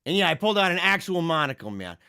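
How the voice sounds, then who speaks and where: A man hosting a casual livestream, reading viewer comments and chatting in an animated, laughing way. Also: a little high, smooth, no echo, clean studio sound. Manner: animated, laughing, drawn-out slang. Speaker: livestream host.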